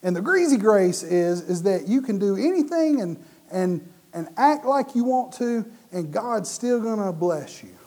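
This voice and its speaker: A man preaching a sermon, animated and often restarting or repeating his words mid-sentence. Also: high voice, measured pace.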